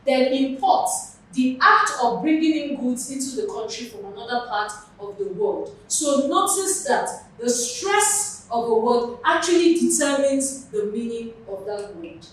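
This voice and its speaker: A woman's voice: on the high side, expressive, a little slow, few pauses. A woman with a Nigerian accent teaching English for an exam, explaining patiently with examples. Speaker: English tutor. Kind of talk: exam prep lesson. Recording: very echoey room, mic far off.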